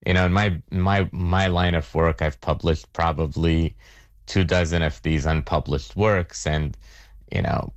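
A man, a magazine editor, giving thoughtful interview answers in a measured way with frequent restarts. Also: deep voice, fairly even intonation, no room sound, muffled recording.

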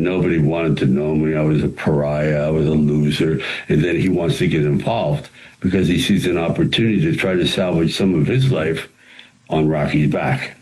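An older man, an actor and writer, answering interview questions with animated stories and acted-out quotes. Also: low-pitched, poor audio. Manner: animated storyteller who acts out quoted lines.

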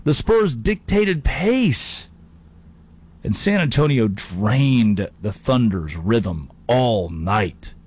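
A man hosting a sports talk show, delivering an energetic, jokey monologue with quick asides and playful impressions. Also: mid-range voice, breathy edge. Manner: animated, jokey, slips into mock impressions. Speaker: sports talk radio host.

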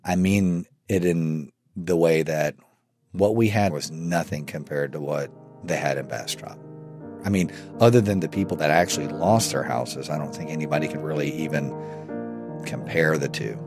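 Very deep-voiced Texan man. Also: moderate pace, music in the background. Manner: earnest, qualifying his words. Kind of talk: recorded oral history interview.

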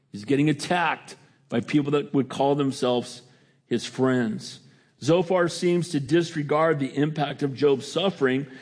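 Middle-aged man, pastor giving a sermon; somewhat high-pitched, chatty, emphatic then quietly reflective. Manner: conversational, swinging between raised emphatic lines and quiet, hushed reflection.

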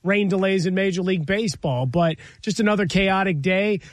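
A man co-hosting a sports radio show, talking in a relaxed, wry way with fillers. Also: sits high, brisk, no echo, studio quality. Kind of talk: casual sports radio chat.

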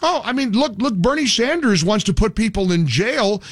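A man hosting an opinionated political talk show, talking in an emphatic, animated way with frequent restarts. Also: sits high, normal speed, no room sound, clean studio sound.

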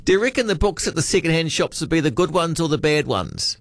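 A man's voice: a little high, very animated, quick pace. A man hosting late-night talkback radio in a chatty, musing way, reading out listener texts. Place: radio studio.

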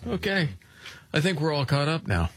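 A man's voice: on the high side, very animated, fairly bright tone, dry recording. A man hosting a talk radio show, bantering and joking with his co-host. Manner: joking, quick reactions.

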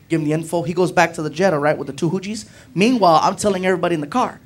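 A man doing stand-up comedy, telling a story in an animated way that swings up to shouting. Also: fairly high pitch, rapid-fire, hardly any pauses. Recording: noisy live recording.

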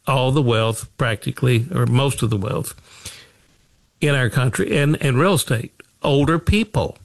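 A man with a medium-pitched voice hosts a financial radio talk show, delivering a monologue in a folksy way. He repeats phrases and poses rhetorical questions to himself, in a dry recording.

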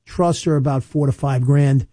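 A man in his fifties, described as New, gives casual estate-planning advice to camera, telling anecdotes with quick asides and repetition and slowing down to stress key points. His voice is very dark and mellow at an ordinary male pitch, with fairly even intonation. The sound is dry and close, with no room sound.

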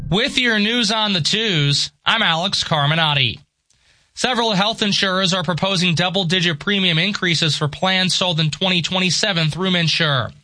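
A man reading the radio news in a steady, crisp scripted delivery. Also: sits high, normal speed, no room sound. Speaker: newsreader. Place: radio studio. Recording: dry close studio mic.

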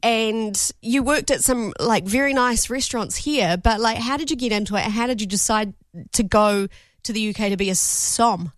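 Kiwi woman radio host, kinda high voice, chatty, laughs a lot, dry studio sound. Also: normal speed, dry recording. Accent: New Zealand. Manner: chatty, laughing, stumbles over words. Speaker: radio breakfast show host. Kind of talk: casual radio interview.

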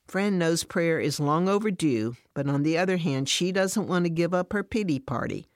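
A woman narrating a scripted devotional story in an even, measured way. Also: sits low, gravelly, no room sound, studio quality.

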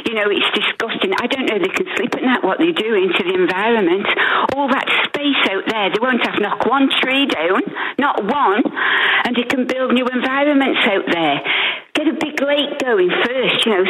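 A woman's voice: a little high, a bit bright, slight background noise, poor audio. Indignant older Italian-accented woman caller. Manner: indignant, heartfelt. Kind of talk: phone-in call.

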